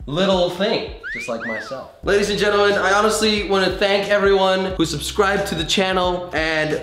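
A young man hosting an excited unboxing vlog, hyper, jokey and giggly. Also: high-pitched, normal speed, echoey room, soft background music. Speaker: YouTuber.

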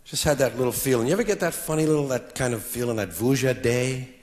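This noisy live recording features a man in his forties doing stand-up onstage for an audience, sardonic with mock-solemn asides. His mid-range voice has a darkish tone and a quick pace.

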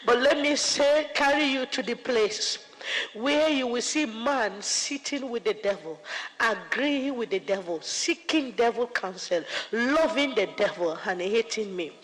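Picture the Lord as a solemn, commanding male figure, played by a woman, pronouncing his words gravely. The voice sits a little lower than her everyday talk and comes slowly and deliberately. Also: lively intonation, fairly bright tone, in a large hall, poor audio.

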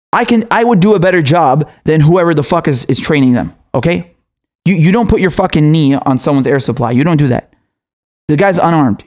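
Male political commentator with a fairly high voice. Furious, sweary, and stumbling over his words. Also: darkish tone. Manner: heated, profane, stammering restarts. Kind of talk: angry commentary monologue.

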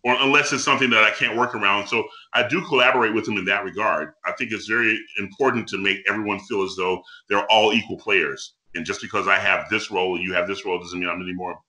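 A man, a guest opera bass, talking earnestly and humbly in a casual video-call chat, with halting restarts. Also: steady tone, bright, forceful tone, low-quality recording.

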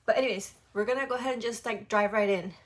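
A young woman hosting a music video reaction, talking in a gushing, excitable, rambling way and apologizing as she goes. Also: mid-range voice, quick pace. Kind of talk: casual reaction commentary.

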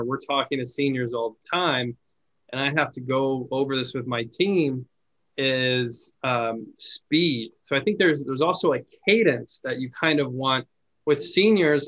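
Call center owner guy as podcast guest, thinking out loud, mid voice. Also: mid-range voice, poor audio. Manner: thoughtful, explaining with frequent restarts. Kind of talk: casual podcast chat.

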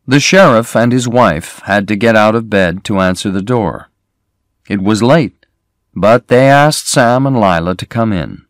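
Slow, clear male story reader. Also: fairly low pitch, no echo, clean studio sound. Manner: slow, clear, plain reading. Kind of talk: scripted narration of a graded reader.

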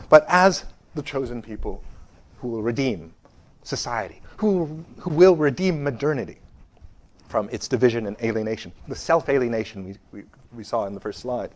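Speaking at medium pitch with lively intonation and a fairly quick pace, this man lectures on history at a university. His delivery swings between loud emphasis on key phrases and hushed asides, full of fillers and false starts.

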